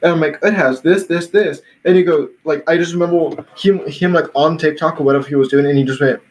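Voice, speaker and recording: A man's voice: a little high, fairly even intonation, quick pace, a little mellow, poor audio. Young man telling a rambling story. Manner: rambling, full of "like" and restarts, laughs while telling. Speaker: podcast host. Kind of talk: casual storytelling chat.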